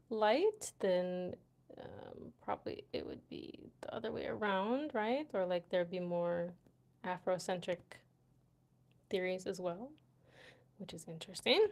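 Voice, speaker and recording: A young woman talking casually on a livestream, with a middle-pitched voice. She chats loosely, leaning on fillers and "right?" at the ends of thoughts. She laughs easily as she reads and reacts to viewer comments. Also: creaky. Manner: chatty, laughs often, many fillers like "right?" and "you know". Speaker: livestream host. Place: Morocco.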